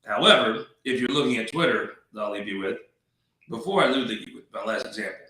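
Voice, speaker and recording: A man's voice: lowish voice, expressive, a little fast, bright, forceful tone, very echoey, recorded from a distance, rough recording. A man hosting a political talk show, rambling in a folksy, wisecracking way. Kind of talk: casual political commentary.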